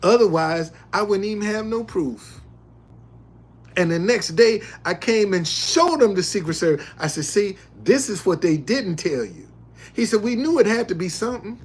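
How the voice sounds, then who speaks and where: A man's voice: a little slow, slightly rough. An older man streaming live, retelling a confrontation with heavy profanity and repetition, then chatting with viewers. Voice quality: profane, emphatic storytelling with repetitions. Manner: animated, loud retelling, drops low when reading chat. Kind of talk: casual live stream talk.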